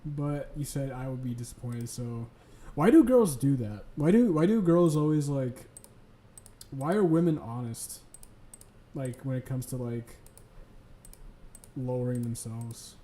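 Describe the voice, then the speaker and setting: Young guy streaming at 3am, rambling, cussing a lot, dark mellow voice. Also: mid-range voice, lively intonation, measured pace, long pauses. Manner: rambling, profane, chuckling. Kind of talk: late-night casual stream chat.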